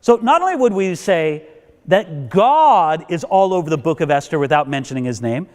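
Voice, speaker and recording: A man lecturing at a Bible college, storytelling with plenty of energy. His voice sits high and leaps up and down as he gets excited. The sound trails off in a long hall reverb. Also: moderate pace. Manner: lively storyteller acting out characters, laughing.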